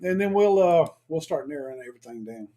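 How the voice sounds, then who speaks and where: A man's voice: a little high, animated, quick pace, mellow. A man from South Louisiana co-hosting a casual livestream, joking and teasing with a drawl. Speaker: co-host of a livestream. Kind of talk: casual chat.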